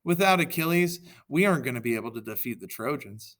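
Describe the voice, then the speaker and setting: A man reads out a worried king in a plain, bright voice. He sounds fretful. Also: mid-range voice, animated, fast talker, natural voice.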